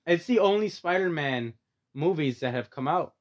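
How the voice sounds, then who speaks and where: A man with a fairly high voice co-hosts a loose conversation about movies. He talks like an eager fan, throws out strong opinions, and fills his sentences with "like" and "I mean". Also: animated, moderate pace. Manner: eager, opinionated fan talk with many fillers. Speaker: podcast co-host. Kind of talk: casual chat.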